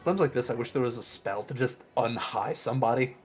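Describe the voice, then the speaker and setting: A man's voice: mid-range voice, brisk, breathy edge, faint music behind. A young man playing a tabletop game, dry and matter-of-fact in casual chat. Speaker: player.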